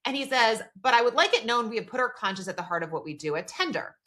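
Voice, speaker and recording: Bright-voiced woman recapping a TV episode. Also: a little high, expressive, fast. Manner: retells scenes at length, quoting characters, many "like" fillers. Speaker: podcast co-host. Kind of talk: casual TV recap chat.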